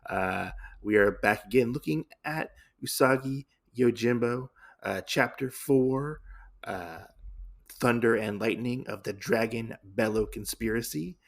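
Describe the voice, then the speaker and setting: Gravelly-voiced male podcast host. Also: medium pitch, unhurried. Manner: relaxed, many filler "uh"s. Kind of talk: casual comic recap.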